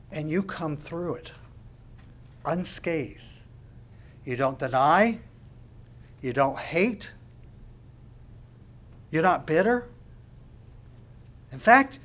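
A man preaching a sermon with passion, dropping to hushed asides and building to loud declarations. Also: fairly high pitch. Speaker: pastor.

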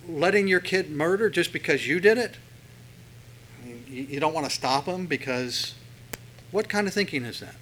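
Male preacher, bright voice, chatty storytelling sermon, faint hum. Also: on the high side, poor audio. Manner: conversational, storytelling, with many fillers.

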